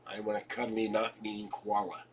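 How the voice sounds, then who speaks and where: A man's voice: lowish voice, level tone, moderate pace, distant mic, noisy background. A congested man chatting casually for his home video, joking and chuckling as he rambles from topic to topic. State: congested, coughing. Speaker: vlogger.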